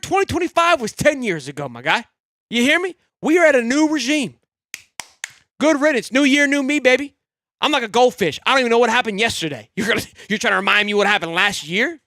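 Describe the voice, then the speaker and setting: Excitable high-voiced male sports streamer. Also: no echo, clean studio sound. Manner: excitable, rambling, swears freely, swings from loud hype to low grumbling. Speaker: sports podcast host. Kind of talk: live-stream fan sports talk.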